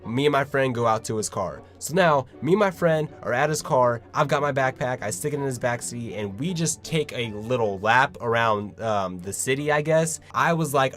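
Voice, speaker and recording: A young man vlogging, telling a rambling, excitable story in casual chat. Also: medium pitch, normal speed, hardly any pauses, soft background music.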